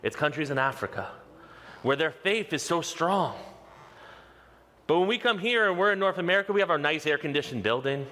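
A male pastor preaching a sermon with passion, leaning on slow, emphatic repeated lines. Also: on the high side, animated, sharp tone. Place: church sanctuary. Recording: long reverb of a large hall.

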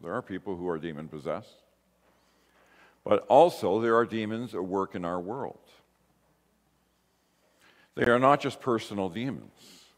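A male pastor giving a conversational sermon in a church, mostly calm, rising to emphatic bursts. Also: on the low side, unhurried, pauses often. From grew up in a Pentecostal church. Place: church sanctuary. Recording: long hall reverb.

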